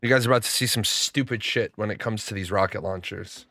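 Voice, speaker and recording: A man's voice: on the low side, quick pace, creaky, sharp tone. A young adult man streaming a game, telling stories in casual, profane chat with frequent stammers and restarts. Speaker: gaming streamer.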